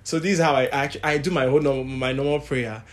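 Male co-host, candid, mid-pitched, casual faith chat. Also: fairly quick. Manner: candid, animated when quoting others. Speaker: podcast co-host.

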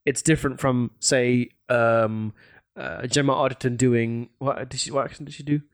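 A man's voice: mid-range voice, normal speed, clean tone, no room sound. Hesitant man, dry close sound. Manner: relaxed, hesitant, many fillers. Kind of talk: casual film chat.

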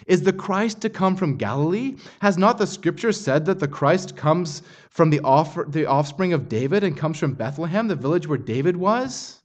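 A man preaching an expository sermon, earnest and building intensity on quoted passages. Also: high-pitched. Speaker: pastor.

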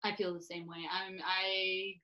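A woman's voice: mid-range voice, flat delivery, muffled recording. A woman co-hosting a casual podcast chat, upbeat and giggly. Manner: upbeat, giggly, quick asides. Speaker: podcast co-host.

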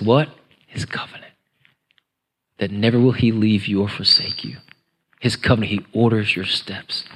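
A man's voice: lowish voice, a bit bright. A middle-aged male pastor preaching in a conversational style, dropping to whispers and groans for emphasis. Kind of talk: sermon.

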